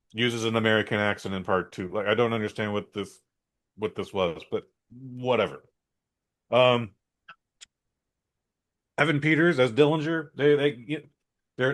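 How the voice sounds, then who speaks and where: A man co-hosting a podcast, giving a blunt, rambling and opinionated movie review in a casual chat. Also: medium pitch. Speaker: podcast co-host.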